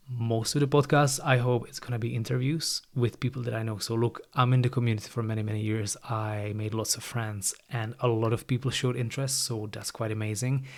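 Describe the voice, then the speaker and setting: A man's voice: mid-range voice, a little mellow. Chatty man with a light Irish tinge. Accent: non-native English with a light Irish tinge. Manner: casual and chatty, often starts sentences with "look" and "like". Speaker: podcast host. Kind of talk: solo podcast monologue. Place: studio. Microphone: new studio microphone.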